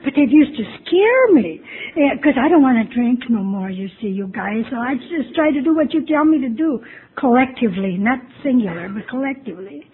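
A woman's voice: a little high, animated, normal speed, slightly rough. A woman telling her personal recovery story to a meeting, candid and self-mocking with wry humor. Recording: tinny phone-like lo-fi recording with faint hiss.

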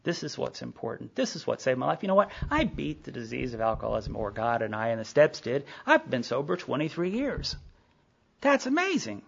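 Man, middle-aged, raspy gravelly voice, rambling recovery talk, lo-fi recording. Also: mid-range voice, very animated, a little fast, few pauses. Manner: rambling storytelling with many fillers, quoting others. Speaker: speaker at a recovery meeting. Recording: dull lo-fi recording.

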